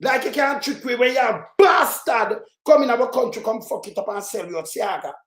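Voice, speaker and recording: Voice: mid-range voice, animated, normal speed. Furious Jamaican political ranter, roomy echo. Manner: profane, heated, shouts in bursts. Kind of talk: angry political rant.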